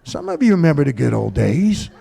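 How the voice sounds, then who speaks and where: A man's voice: a little high, huge pitch swings, fairly quick, creaky, mellow, breathy edge. A middle-aged man doing profane stand-up in a comedy club, ranting and telling stories on a stage mic.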